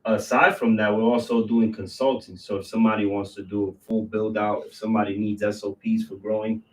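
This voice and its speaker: A man's voice: on the low side, level tone. New man telling his story from a distance. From New York. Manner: storytelling, lists things off in quick runs. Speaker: business owner guest. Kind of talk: casual interview chat.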